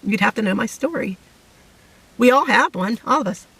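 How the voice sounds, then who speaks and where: A middle-aged woman giving an emotional personal testimony to camera, halting and fighting back tears. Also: fairly high pitch, lively intonation, a bit bright, husky, dry recording, far from the mic, poor audio. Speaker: vlogger sharing a testimony.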